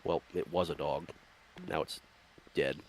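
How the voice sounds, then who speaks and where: A man's voice: a bass voice, fairly even intonation, measured pace. A man chatting casually while playing a game, rambling through stories with swearing and laughter. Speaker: gameplay commentator. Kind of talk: casual gameplay chat.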